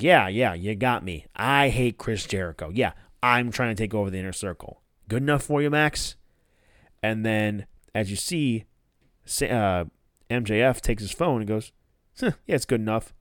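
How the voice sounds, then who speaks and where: A wrestling podcast host casually recaps events, acting out quoted lines in a raised, higher-pitched voice as he animatedly retells them. The recording is clean studio sound with no echo.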